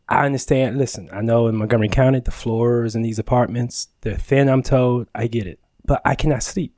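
A man on a podcast, telling a story in a casual, animated way, acting out the dialogue and laughing often. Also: mid-range voice, a little fast, no room sound.

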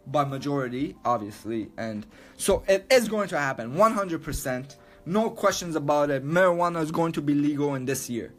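A man ranting loudly and emphatically, swearing a lot and repeating himself. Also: a little high. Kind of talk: profane rant to camera.

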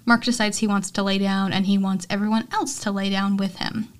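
A woman hosting a podcast, recapping a film in a loose, chatty way. Her voice sits in a middle pitch, and she keeps a conversational flow full of fillers and quoted lines. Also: level tone, fairly quick. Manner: chatty, filler-heavy retelling with acted quotes. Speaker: podcast host. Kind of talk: casual movie recap.

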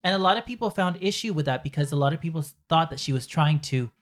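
Male podcast host of Latin American origin, a touch high-pitched, quick and animated in chat. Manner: fast, animated, puts on quoted voices. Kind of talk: casual chat.

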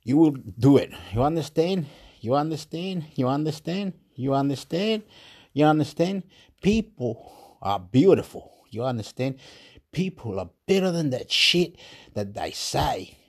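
A man's voice: on the high side, animated, unhurried. Agitated man ranting. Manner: agitated, swearing, repetitive. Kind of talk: ranting monologue.

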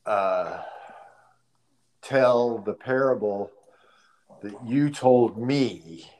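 A man co-hosting a podcast, speaking earnestly and deliberately in casual conversation. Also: mid-range voice, a little mellow. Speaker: podcast co-host.

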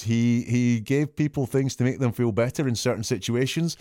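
A man's voice: mid-range voice, moderate pace, darkish tone, no room sound, clean studio sound. A man working as a statement analyst, talking through interview answers in an analytical, questioning way and stressing key words. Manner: questioning, emphatic, quotes and dissects answers. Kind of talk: analytical commentary.

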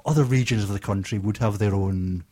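A man from the west of Scotland speaks as a studio guest. His voice sits fairly low, and he pauses with fillers as he gathers his thoughts. He brings a wry, amused edge to his stories. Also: mellow. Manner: hesitant, many fillers, wry. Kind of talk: casual radio chat.

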